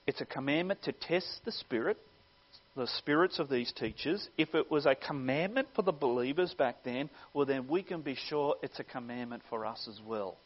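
A male pastor preaching a sermon earnestly, swelling louder on key phrases and dropping low at their ends. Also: moderate pace, lo-fi sound.

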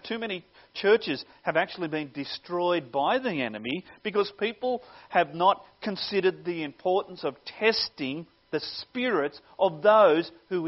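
A male pastor preaching a sermon earnestly, swelling louder on key phrases and dropping low at their ends. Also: highs cut off.

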